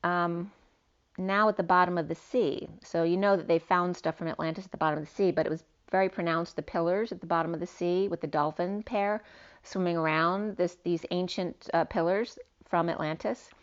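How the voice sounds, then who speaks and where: A woman's voice: fairly low pitch, steady tone, a little fast, clean tone. A woman giving a rambling tarot reading, free-associating through wordplay. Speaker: tarot reader. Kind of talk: spiritual tarot reading monologue. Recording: dull lo-fi sound.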